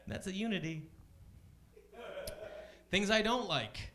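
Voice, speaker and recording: Talking fairly quickly, a male stand-up works a club crowd in a conversational, deadpan style. He often switches into high voices to portray others.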